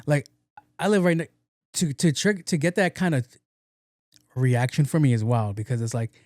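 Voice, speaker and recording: Brief: young NY man, solo podcast host, loose and profane, mid-pitched, dry close sound. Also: expressive, normal speed, a little mellow, no room sound. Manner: rambling, profane, slangy, acts out quotes. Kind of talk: casual solo podcast chat.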